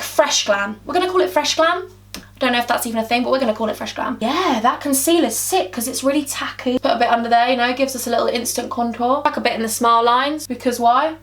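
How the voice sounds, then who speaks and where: A woman's voice: on the high side, a bit bright, far from the mic. A young English woman chatting and rambling playfully through a makeup tutorial, calling her viewers huns. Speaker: beauty vlogger.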